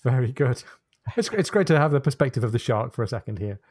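A man on a book podcast, retelling a chapter in a measured, descriptive way with small hesitations. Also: mid-range voice, very animated, darkish tone, no room sound, clean studio sound. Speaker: podcast co-host.

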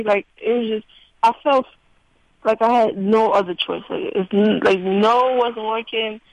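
A woman's voice: mid-range voice, fairly even intonation, normal speed. A woman sits in as a radio guest and answers in a casual, blunt way. Her replies are short and plainspoken. The sound is dry, with no room echo. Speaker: radio guest telling her workplace harassment story. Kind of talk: casual talk.

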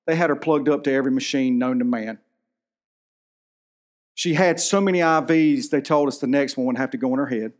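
A man's voice: medium pitch, brisk, long pauses. A man in his thirties preaching a sermon in a church, telling a personal story in an earnest, emotional way. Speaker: pastor.

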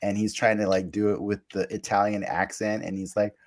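A man's voice: fairly low pitch, flat delivery, a little fast. A man on a podcast, recapping a cartoon episode in casual chat, rambling with fillers and restarts and laughing along. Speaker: podcast co-host.

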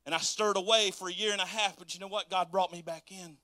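A man's voice: sits high, fairly even intonation, quick pace, sharp tone, no room sound, studio quality. A man preaching a sermon as pastor, folksy and dialect-heavy, laughing often and acting out quotes.

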